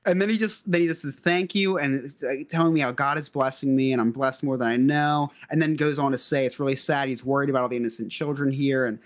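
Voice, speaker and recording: A man's voice: mid-range voice, quick pace, few pauses. A man co-hosting a comedy podcast, telling a story and reading out messages with frequent laughter. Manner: animated, laughing often. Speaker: podcast co-host.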